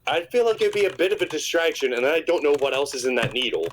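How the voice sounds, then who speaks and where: A man's voice: fairly high pitch, lively intonation, fast, slight background noise, poor audio. A man playing a tabletop game in casual chat, blunt and swearing freely. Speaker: player.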